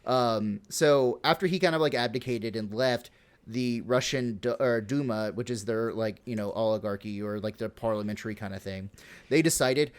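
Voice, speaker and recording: A man's voice: on the low side, normal speed, smooth. A man hosting a podcast, casually retelling history with lots of swearing, laughs and fillers. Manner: profane, laughing, full of fillers. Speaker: podcast host.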